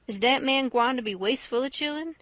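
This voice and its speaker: A woman's voice: sits high, brisk, fairly bright tone, no echo. A woman reading a stubborn, argumentative grown man. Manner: insistent, argumentative. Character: stubborn adult man arguing with a boy. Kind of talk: audiobook character reading.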